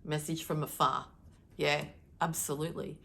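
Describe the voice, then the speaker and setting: A middle-aged spiritual card reader delivers a channeled daily message to her viewers, emphatic and animated. She has a low voice with vocal fry and deliberately shifts her tone to stir emotion.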